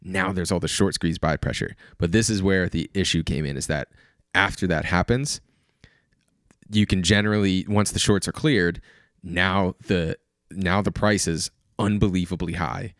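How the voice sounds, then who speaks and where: A man's voice: sits low, fairly even intonation, moderate pace, dry recording, studio quality. A man co-hosting a podcast, explaining things in casual chat and often restarting his sentences. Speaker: podcast co-host.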